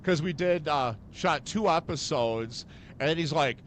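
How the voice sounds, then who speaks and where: A man hosting a podcast, telling stories in a rambling, animated way with many fillers. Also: a little high, measured pace, slight background noise. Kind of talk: casual chat.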